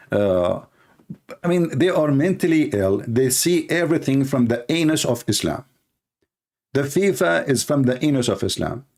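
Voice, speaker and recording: A man with a fairly high, darkish-toned voice delivers a sarcastic, insulting rant as a religious critic answering a video. He speaks English with loose grammar in this video commentary.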